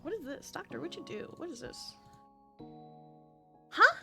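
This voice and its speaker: A woman livestreamer chatting casually with her viewers, excitable and chatty, swearing often. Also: high-pitched, gravelly. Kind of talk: casual live-stream chat.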